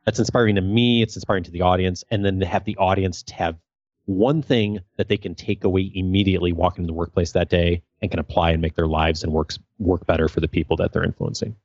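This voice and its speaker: A man's voice: sits low, steady tone, quick pace, darkish tone, no echo. A man who coaches leaders, a guest in a podcast interview, speaking earnestly and thoughtfully. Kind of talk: casual interview. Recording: dull, dry sound.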